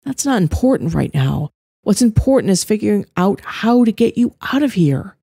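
A woman's voice: medium pitch, sing-song, moderate pace, creaky, dark tone, breathy edge, dry recording, studio quality, voice pushed up, heavily acted. A woman voicing an earnest young man who reassures a friend urgently. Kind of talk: audiobook character voice.

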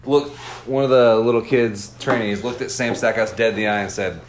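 A man hosting a podcast, tipsy and crude, laughing through animated stories in a casual banter. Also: mid-range voice, a little fast. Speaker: podcast host. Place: garage. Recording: echoey garage, faint background noise.

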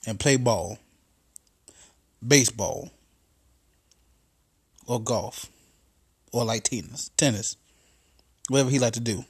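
A man's voice: medium pitch, slow pace, pauses often, slightly rough. A man hosting a podcast, telling a profane comedic story in a casual monologue that builds into exasperated rants. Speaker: podcast host.

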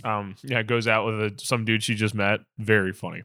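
Casting: young male podcast co-host, lively storyteller, dry close mic. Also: on the low side, moderate pace, no echo. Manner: animated storyteller who acts out quotes. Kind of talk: casual film chat.

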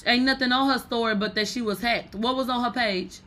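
A woman hosting a casual celebrity gossip show, blunt, profane and animated. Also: fairly high pitch, fairly quick.

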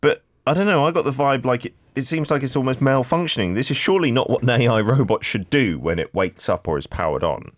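A man's voice: mid-range voice, animated, fast, few pauses, dry recording. A man co-hosting a radio book show, chatting casually and reading out listener comments. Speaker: radio co-host. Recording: dry close studio sound.

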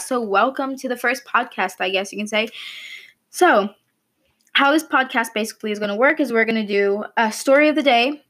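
Young woman host, chatty and meandering, a bit high-pitched. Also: a bit bright. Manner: chatty and rambling, many likes and ums. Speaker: podcast host. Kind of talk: casual storytelling monologue.

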